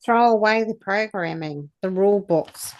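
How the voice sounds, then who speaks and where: A woman's voice: mid-range voice, moderate pace, a little mellow. A middle-aged woman, giving an earnest, rambling spiritual talk and guided activation as a channeller. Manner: earnest, rambling, restarts mid-thought.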